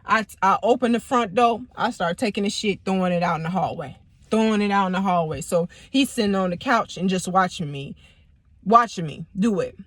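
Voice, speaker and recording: A woman vlogger with a mid-range voice tells a story in an animated, profane, emphatic way. She speaks casually and repeats herself for effect. The recording is dry and close. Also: mid-range voice, brisk, no echo.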